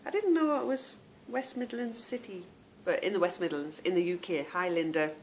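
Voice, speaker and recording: A woman's voice: on the low side, normal speed, darkish tone, slight background noise. A woman hosting a knitting podcast, chatting casually to viewers, rambling off on tangents and stumbling over unfamiliar names.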